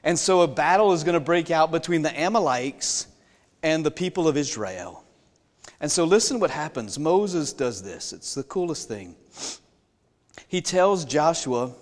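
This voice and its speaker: A man's voice: on the high side, lively intonation, moderate pace. A man preaching a sermon, retelling a Bible story in a folksy way with jokey asides and questions to the congregation. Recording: long reverb in a large hall.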